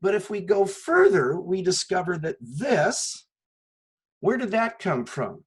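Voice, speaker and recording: A man's voice: high-pitched, sing-song, takes it slowly, breathy edge, low-quality recording. A man teaching a math lecture, explaining step by step with a patient manner and often asking rhetorical questions before he answers them. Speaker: math instructor. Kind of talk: recorded classroom lecture.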